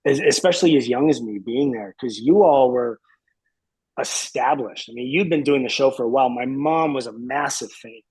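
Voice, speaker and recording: A man's voice: mid-range voice, normal speed, darkish tone, slightly rough, dry recording, poor audio. A man in his fifties, a podcast guest reminiscing in casual chat, hesitant and rambling with many fillers.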